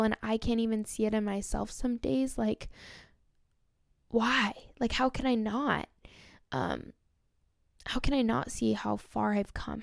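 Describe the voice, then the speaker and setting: A woman's voice: fairly high pitch, gravelly, a little mellow, no room sound. Young woman podcaster, emotional gushing storyteller, dry close sound. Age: young adult. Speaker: podcast host. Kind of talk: casual storytelling monologue.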